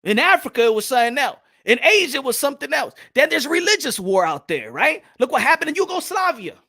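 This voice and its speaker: Fired-up ranting man with sharp tone. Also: very high-pitched, big pitch swings, fast. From New York. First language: Spanish. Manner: passionate ranting, repeats lines, sometimes shouts. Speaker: boxing talk show host. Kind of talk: livestream panel monologue.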